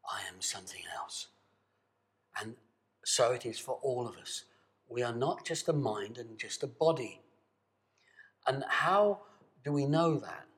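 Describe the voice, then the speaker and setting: A man teaching a guided voice and breathing exercise, speaking to camera in a calm, coaxing way and demonstrating sustained sung tones. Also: mid-range voice, unhurried, long pauses. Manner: calm, coaxing, addresses the viewer directly. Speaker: voice and meditation teacher.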